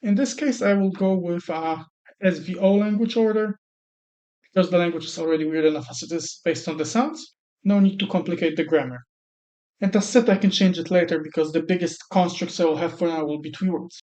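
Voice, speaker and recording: A man's voice: high-pitched, a little fast, a little mellow. Man thinking aloud over dice rolls. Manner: thinks aloud while rolling dice, counts numbers under his breath. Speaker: tutorial creator. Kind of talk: screen-recorded tutorial narration. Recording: slightly dull lo-fi sound.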